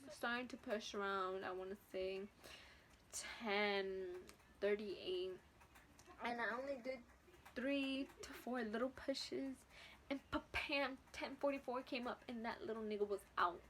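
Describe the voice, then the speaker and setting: A woman's voice: fairly high pitch, a little slow, fairly bright tone, a little hiss or hum. A teenage woman vlogger telling a casual story from home, blunt and profane with lots of slang. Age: teens.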